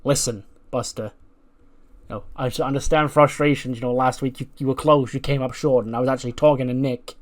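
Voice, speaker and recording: An evasive male champion speaks low and soft, trying to smooth things over, voiced by a man close to his own voice. He sounds mild and deflecting. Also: steady tone, a little fast, lightly acted. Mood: placating.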